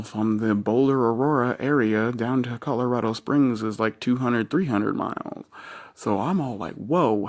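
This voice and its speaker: A man ranting into the camera in a rambling, slangy monologue, swearing freely and quoting himself with "I'm all like". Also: medium pitch. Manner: slangy, rambling, jumps from topic to topic; keeps quoting himself with "I'm all like", voice jumping up when he does.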